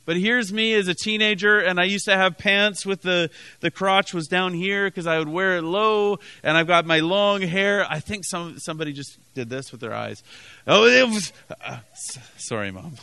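Canadian pastor guy preaching, high clear voice, keeps restarting and repeating words. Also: moderate pace, few pauses, pushed and bright, no echo. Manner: storytelling, frequent restarts, emphatic repetition. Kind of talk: sermon.

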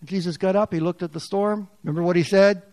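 Man preaching, from loud bursts to hushes. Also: steady tone, fast, dry recording. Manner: swings from loud, high bursts to hushed, near-whispered lines. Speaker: pastor. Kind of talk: sermon.

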